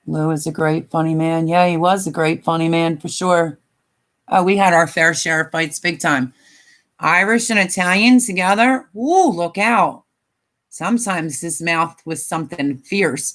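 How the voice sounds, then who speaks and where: In a casual live stream, an older woman talks tiredly and emotionally, meandering with lots of fillers and occasionally getting tearful. Her deep voice has a slightly bright edge.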